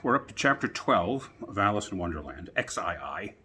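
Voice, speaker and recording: A man reading a bedtime story aloud outdoors, relaxed and chatty between passages. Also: low-pitched, normal speed, slight background noise. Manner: relaxed, chatty asides with fillers.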